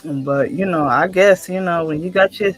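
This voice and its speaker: Animated woman host retelling gossip. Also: lowish voice, normal speed, faint music behind. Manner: animated storytelling, acts out quotes. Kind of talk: casual gossip chat on a livestream.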